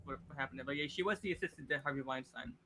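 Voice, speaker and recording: Male streamer, higher pitch, ranting and swearing, noisy background. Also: racing, pushed and bright. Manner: ranting, profane, lots of fillers and restarts. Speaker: gaming streamer. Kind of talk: casual chat.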